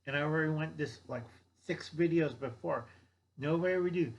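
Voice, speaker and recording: An older man lectures bluntly on survival gardening, his voice sitting a bit higher than most men's. He rambles, repeats himself and keeps checking that his listeners follow. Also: normal speed. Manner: blunt, lecturing, repeats "okay?" and mocks others in put-on voices. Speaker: survival vlogger. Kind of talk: rambling instructional monologue.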